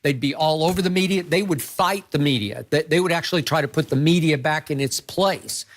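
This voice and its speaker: A man's voice: fairly high pitch, fairly quick. A man hosting a studio sports debate, emphatic and opinionated, often stumbling and restarting his sentences.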